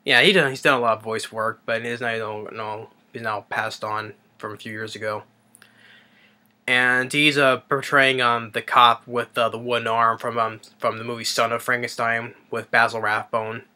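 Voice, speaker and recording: A man's voice: medium pitch, flat delivery, normal speed, bright, forceful tone. A man casually retelling a film's plot as a reviewer, rambling and hesitant with many fillers and restarts. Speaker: movie reviewer.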